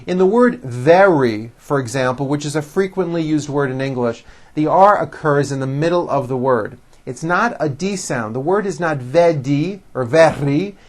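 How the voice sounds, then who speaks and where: A man teaching English pronunciation, drilling words slowly and over-enunciating each sound for the listener to repeat. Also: fairly high pitch. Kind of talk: slow, careful drill teaching.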